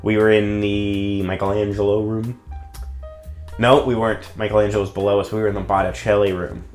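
A young man with a lowish voice tells a story in loose, casual chat. He rambles, leans on fillers and slips into quick impressions of the people he met. Faint music plays underneath. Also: little pitch movement, darkish tone. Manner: rambling, filler-heavy storytelling with acted-out quotes. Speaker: storyteller guest.

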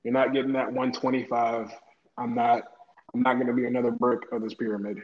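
A man's voice: mid-range voice, little pitch movement, a little fast. A young man from North Carolina telling a story in casual chat, laughing and acting out what others said. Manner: laid-back, laughing, acts out quoted voices. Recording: echoey room, dull lo-fi sound.

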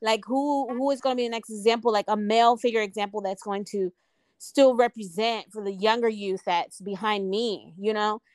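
A woman co-hosting a podcast talks in a reflective, earnest, casual way, using many "like" fillers. Her mid-range voice holds a steady tone at normal speed, and the recording is dry.

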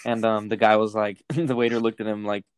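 Young male co-host, fast, slightly low voice, swears freely, dry close mic. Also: level tone, clean tone, no room sound. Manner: swearing, rambling storyteller. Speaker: podcast co-host. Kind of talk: casual chat reading facts aloud.

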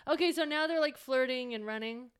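A young woman in casual chat, reacting to a film with sarcastic, quick quips. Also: sits high, smooth.

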